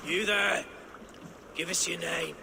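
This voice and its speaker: An actor playing a hostile Saxon camp leader with an English accent, menacing and gravelly. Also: male voice, sits high, steady tone, takes it slowly, heavily acted. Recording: game audio with noise.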